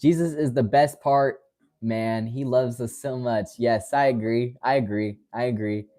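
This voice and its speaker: A man in his twenties from West Virginia, casually reading and answering viewer comments on his livestream, friendly and quick to laugh. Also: medium pitch, fairly even intonation, warm tone. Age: 20s. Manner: friendly, calls viewers brother, laughs often. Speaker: livestream host.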